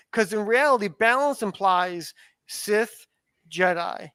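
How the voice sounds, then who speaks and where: A man's voice: high voice, a little slow, pushed and bright, clean tone, no room sound. A man in casual podcast chat, rambling with restarts and casual swearing. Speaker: podcast co-host.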